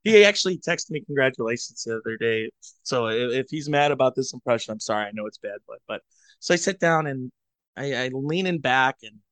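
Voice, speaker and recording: A man from Cleveland chatting as a podcast co-host, telling a rambling, self-mocking story into a headset boom mic. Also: expressive, fairly quick, a bit bright, no echo. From Cleveland, USA. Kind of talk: casual storytelling chat.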